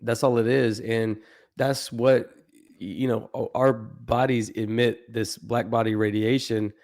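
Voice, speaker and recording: A man's voice: medium pitch, little pitch movement, measured pace, a little mellow. A man guest on a podcast, talking earnestly in loose, casual chat with some swearing.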